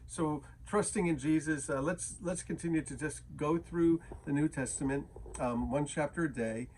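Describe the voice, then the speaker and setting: A man's voice: fairly high pitch, normal speed, a little mellow, a little hiss or hum. A man teaching a daily Bible chapter as a pastor, casual and conversational, with frequent fillers and restarts.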